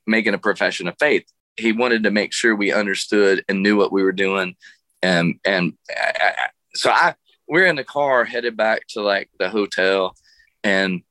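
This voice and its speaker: A man's voice: on the low side, pushed and bright, no echo. A middle-aged man, a guest musician, telling a funny story in a radio interview, laughing often and restarting his sentences.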